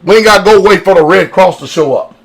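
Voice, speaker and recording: A man's voice: sits high, fast talker. A man preaching on a radio broadcast, emphatic, throwing out rhetorical questions and drawing responses from listeners. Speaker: pastor. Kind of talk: radio sermon.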